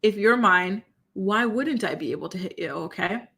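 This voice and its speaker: A woman hosting a live commentary stream, talking in an animated, incredulous, exclamatory way and reacting to her chat. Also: mid-range voice, normal speed, creaky, breathy edge. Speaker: commentary show host.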